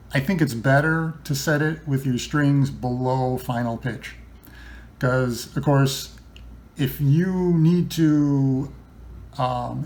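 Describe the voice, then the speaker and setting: A man's voice: mid-range voice, creaky, a little mellow. A man giving a casual, chatty how-to, explaining guitar setup with many ums and restarts. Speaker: guitar builder demonstrating setup. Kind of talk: casual instructional talk.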